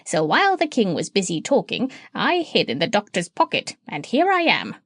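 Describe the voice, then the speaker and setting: Clever female parrot, bossy, brisk, assured, woman doing the voice, storybook, mid pitch. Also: wildly swooping pitch, a bit bright, no echo, studio quality, full character voice. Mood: explaining.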